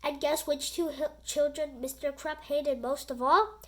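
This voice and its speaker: A woman reading a children's book aloud in an animated, expressive storytelling voice. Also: high-pitched, unhurried.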